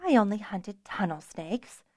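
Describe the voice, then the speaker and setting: A woman's voice: medium pitch, animated, a little slow, no echo, clean studio sound, close to an everyday voice. A woman voicing a plucky, frank young noblewoman dragonrider with a good-humored manner.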